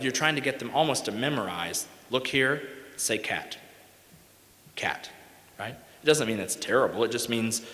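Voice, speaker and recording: A man's voice: mid-range voice, fairly bright tone. A man giving a conference talk on music teaching, folksy and emphatic, often checking in with "right?". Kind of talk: conference lecture with sung examples. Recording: echoey hall with long reverb.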